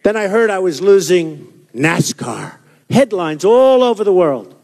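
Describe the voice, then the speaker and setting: A political candidate in his sixties boasts and rambles at a campaign rally in a hot, crowded indoor hall, his high, creaky, darkish voice swinging widely in pitch at a measured pace. The hall is reverberant and the crowd is audible.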